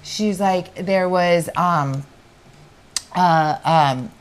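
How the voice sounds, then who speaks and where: A woman co-hosting a podcast, telling a neighbor story in casual chat, animated and full of restarts and acted-out quotes. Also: fairly low pitch, drawn-out words. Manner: animated, acts out quoted voices, many restarts. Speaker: podcast co-host.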